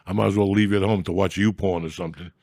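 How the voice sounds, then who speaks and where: A middle-aged man hosting a podcast, talking in a rambling, profane, mock-gruff comic style. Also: low-pitched, fairly even intonation, very fast, mellow, no room sound, studio quality. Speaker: podcast host. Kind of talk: casual comedic rant.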